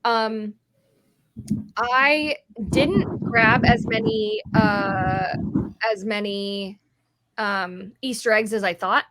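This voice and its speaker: Against a noisy background, a woman with a medium-pitched voice speaks extremely slowly as she co-hosts a podcast. She's chatty and rambling, uses many fillers, and yawns from tiredness.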